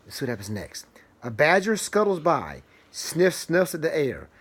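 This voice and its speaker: A man reading a rhyming picture book aloud to a child, animated and sing-song, praising the child along the way. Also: a little high, normal speed, a little hiss or hum.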